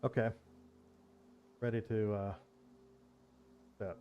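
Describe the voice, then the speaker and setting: A man running a tabletop role-playing game as game master, narrating scenes in a descriptive, measured way. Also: lowish voice, flat delivery, clear, resonant tone, phone-quality sound.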